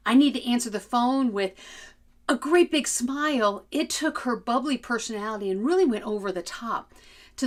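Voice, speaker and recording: A woman giving an instructional talk as a communication trainer, lively and melodic, demonstrating voices as she goes. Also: medium pitch.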